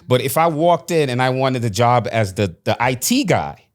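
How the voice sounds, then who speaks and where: A man's voice: medium pitch, animated, normal speed. Impassioned man, middle-aged. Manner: impassioned, emphatic, preaching cadence. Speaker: guest, former actor. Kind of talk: interview conversation.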